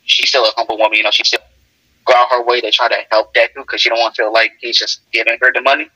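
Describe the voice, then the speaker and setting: A man's voice: medium pitch, flat delivery, fast talker, pushed and bright, breathy edge, no echo, rough recording. A young man telling an improvised fan story in a laid-back way, full of "you know".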